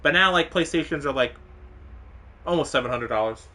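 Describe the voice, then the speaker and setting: A young man streams live, chatting casually and rambling in an exasperated way, full of fillers and restarts, and sometimes acting mock-angry at a viewer. His voice is a little high and sharp, and he speaks briskly.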